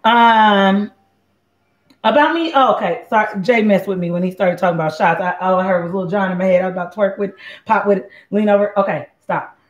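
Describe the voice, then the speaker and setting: A woman hosts a live cooking show, chatting playfully right to her viewers in a casual way. Her voice is medium in pitch with fairly even intonation, and she talks briskly. The room echoes, and the sound is dull and lo-fi.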